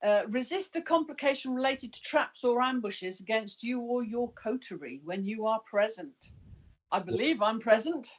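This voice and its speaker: A woman's voice: fairly high pitch, lively intonation, moderate pace. A woman player in a tabletop game, reading rules aloud carefully in casual chat. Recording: dull lo-fi call audio.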